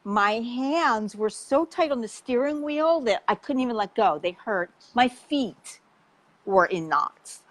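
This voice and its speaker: A woman health coach telling an animated, chatty story in casual conversation, with the odd swear word. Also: fairly high pitch, slow pace, poor audio.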